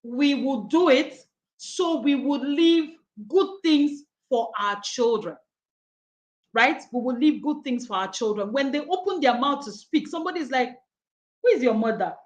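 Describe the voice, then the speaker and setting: A woman with a high voice teaches a study group on wisdom. She acts out the people she quotes with lively shifts and laughs often. The room around her sounds echoey. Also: measured pace. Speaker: coach leading a daily wisdom study. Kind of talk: teaching talk on Proverbs.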